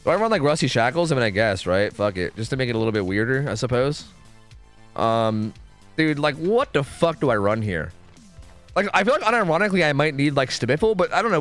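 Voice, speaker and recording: Streaming a game with faint music in the background, a young man rambles to his chat, cursing freely and questioning his own choices. His voice is medium-pitched and sing-song with a fairly bright tone, and he talks very fast.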